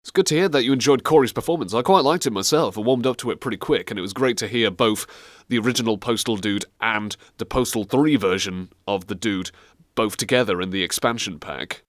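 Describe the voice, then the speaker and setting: A man's voice: fairly low pitch, brisk, dry recording, studio quality. A man hosting a radio interview, asking friendly, chatty questions. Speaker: radio show host.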